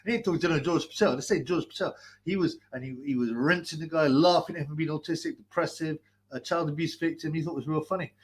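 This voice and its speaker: Speaking fast at a fairly high pitch, a masked man hosts a livestream from a hot basement. He rants crudely and laughs as he mocks people, in a steady stream of profane commentary.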